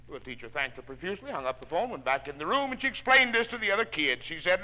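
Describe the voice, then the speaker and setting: A man giving a folksy motivational speech to salespeople, telling homespun stories and swinging from hushed tones to loud ones, on a 1960s spoken-word record. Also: fairly high pitch, very animated, fast talker, in a large hall, low-quality recording.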